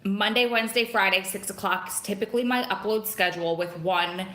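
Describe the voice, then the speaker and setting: A chatty woman talks into her phone on a live stream and rambles from one thing to the next. Her voice is bright and forward. The room around her is echoey. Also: medium pitch, brisk. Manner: greets viewers by name, chatty and rambling. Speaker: vlogger hosting a live stream. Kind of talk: casual live-stream chat. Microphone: phone camera.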